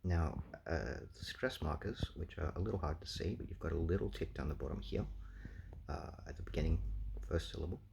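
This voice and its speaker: A man's voice: rumbling low, brisk, creaky, background noise. A man thinking aloud through a language guessing game, explaining sounds with many ums and uhs. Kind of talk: casual explanatory commentary.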